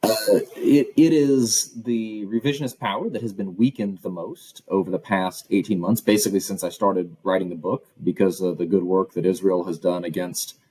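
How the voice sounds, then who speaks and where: Guest academic, male, low husky voice, measured and analytical. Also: steady tone, warm tone, poor audio. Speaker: guest author and professor. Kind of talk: interview answers.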